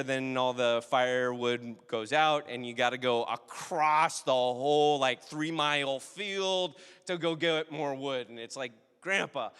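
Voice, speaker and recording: Fairly high-voiced man preaching, hall reverb. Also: fairly bright tone, clean tone. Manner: conversational storytelling, asks the audience questions. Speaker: pastor. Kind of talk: sermon.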